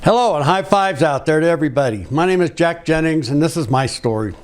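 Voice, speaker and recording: A man tells his own story of faith in a personal testimony talk. He speaks earnestly and rambles, restarting sentences often, in a voice that sits somewhat high for a man. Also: lively intonation, brisk. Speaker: ministry speaker sharing testimony.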